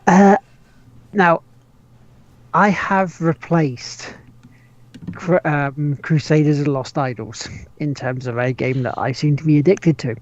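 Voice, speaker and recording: A man's voice: fairly high pitch, takes it slowly, pauses often. A man co-hosting a gaming podcast, rambling in casual chat. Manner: rambling, chuckling. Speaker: podcast co-host. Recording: dull lo-fi mic.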